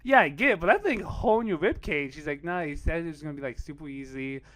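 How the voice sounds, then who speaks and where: A man's voice: a little high, fast talker, no room sound. A man co-hosting a podcast, telling a story in casual chat, swearing and laughing often. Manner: animated, profane, laughs often.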